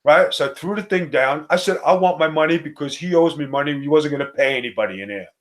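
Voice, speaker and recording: New guy, middle-aged, rough swearing storyteller, higher voice, animated. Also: fast talker. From Staten Island, New York. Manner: animated, profane storyteller acting out quotes. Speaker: co-host, former wrestler. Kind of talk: casual storytelling chat.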